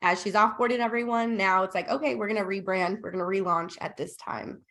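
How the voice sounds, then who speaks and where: A woman guest on a podcast, retelling a client story in a bubbly, animated way, acting out what people said. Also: mid-range voice, a little fast. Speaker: podcast guest, operations consultant. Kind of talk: casual storytelling in interview.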